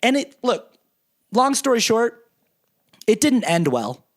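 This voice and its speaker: A man telling a personal story in a casual monologue, self-deprecating and animated, acting out both sides of an argument. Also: extremely high pitch, slow pace. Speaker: podcast host.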